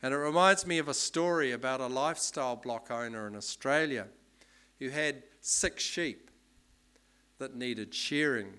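A man's voice: mid-range voice, unhurried, pushed and bright, smooth. Conversational male preacher. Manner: conversational, explanatory, with fillers. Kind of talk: sermon.

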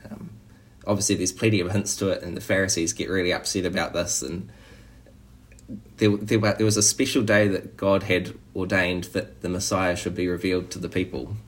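Low-voiced man preaching conversationally. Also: steady tone, brisk. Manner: conversational, frequent "you know" and restarts. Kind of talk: sermon.

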